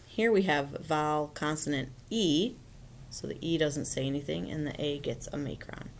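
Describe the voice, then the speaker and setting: There's slight background noise as a deep-voiced woman teaches phonics to children at a moderate pace on a recording. Patient and methodical, she explains one step at a time and often asks "right?" to make sure they're following.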